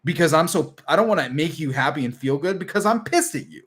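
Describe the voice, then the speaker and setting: A man hosting a casual live stream as a relationship coach, talking emphatically and sometimes dropping to a soft, tender tone. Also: a little high, quick pace, slightly rough. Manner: animated and emphatic, drops to a soft tender tone when acting out a partner.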